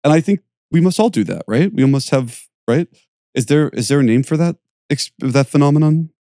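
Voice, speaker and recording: A man's voice: fairly high pitch, expressive, fairly quick, mellow, no echo, studio quality. A man hosting a podcast, talking casually, searching for words and laughing often. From Pittsburgh area, USA. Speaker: podcast host and yoga teacher.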